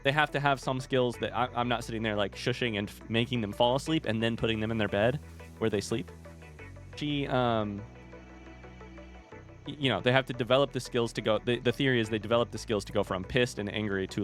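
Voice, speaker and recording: A young man talks casually to his viewers during a game stream, rambling from one thought to the next. His voice sits at an ordinary middle pitch for a man. Soft music plays faintly underneath. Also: brisk. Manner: chatty, rambling storyteller. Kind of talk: casual chat while gaming.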